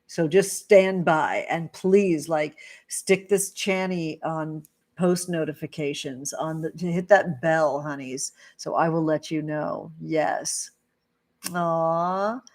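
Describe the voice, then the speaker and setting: Female livestream host, effusive and doting; voice sits a little low. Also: darkish tone. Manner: gushing and affectionate, full of pet names. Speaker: livestream host, tarot reader and witch. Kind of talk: casual livestream chat with viewers.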